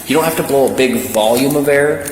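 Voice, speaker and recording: A male police officer calmly walking someone through a breath test in a station room, patient and reassuring. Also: mid-range voice, fairly quick. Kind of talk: calm instructions during a breath test. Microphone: body camera. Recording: echoey room with loud ambient noise.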